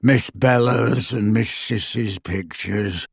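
A man voicing a servile, resentful old male house elf who croaks slowly and mutters. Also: fairly low pitch, dry recording, clean studio sound, exaggerated voice. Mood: sullen muttering. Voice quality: croaking, bullfrog-like. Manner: slow, muttering.

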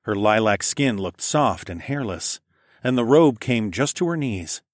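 A man with a fairly low voice reading a first-person audiobook, steady and measured in his storytelling. The sound is close and dry, with no room around it. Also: no echo. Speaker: audiobook narrator. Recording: dry close studio recording.

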